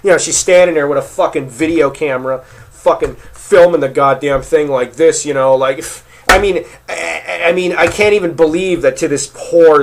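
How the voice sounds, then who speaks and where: A man vents at his viewers in a furious monologue, cursing nearly every sentence. His voice sits a touch higher than most men's, and he stammers and repeats himself as his anger builds. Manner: heated, swearing constantly, repeats himself when worked up. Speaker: vlogger. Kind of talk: angry profane rant to camera.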